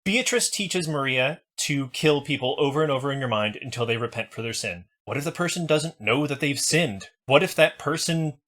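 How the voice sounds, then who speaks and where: A man's voice: medium pitch, animated, moderate pace, few pauses, a bit bright. A man co-hosting a podcast, building an argument through rhetorical questions in casual discussion. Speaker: podcast co-host.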